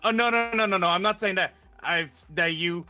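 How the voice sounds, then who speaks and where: A man's voice: high-pitched, fairly quick, pushed and bright, clean tone, no echo, soft background music. A man chatting casually on a stream, hesitant and often restarting his sentences. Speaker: VTuber streamer. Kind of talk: casual chat.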